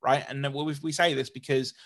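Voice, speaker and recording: A man hosts a podcast interview with a mid-pitched, ordinary voice. He rambles casually and swears now and then. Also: steady tone, a little fast, a bit bright. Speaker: podcast host.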